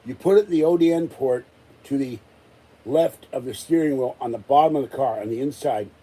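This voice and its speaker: Husky, exasperated rambling man. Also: medium pitch, brisk, warm tone, poor audio. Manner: exasperated, rambling rant with many restarts. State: still recovering from illness. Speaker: vlogger. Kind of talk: rambling live-stream chat.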